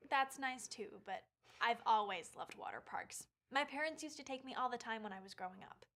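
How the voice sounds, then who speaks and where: An actress playing a sweet, modest young wife in a video game. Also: female voice, fairly high pitch, big pitch swings, brisk, fairly bright tone. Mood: fond.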